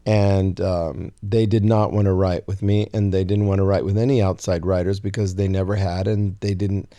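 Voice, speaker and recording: A man in his sixties telling a long story as an interview guest, acting out quoted lines in a higher voice. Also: normal speed, no room sound. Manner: animated storyteller, acts out quotes in a high voice. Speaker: guest songwriter.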